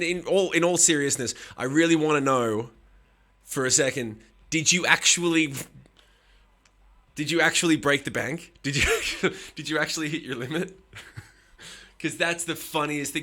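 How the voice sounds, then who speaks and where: Male streamer, bright and slightly high voice, profane and teasing, casual chat. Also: brisk. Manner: profane, teasing, bursts of laughter.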